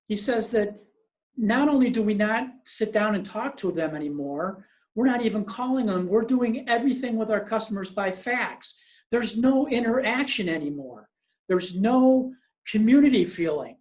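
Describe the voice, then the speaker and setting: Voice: mid-range voice, expressive, moderate pace, a little mellow. A presenter giving a business webinar over a video call, telling a story and then giving emphatic advice to listeners.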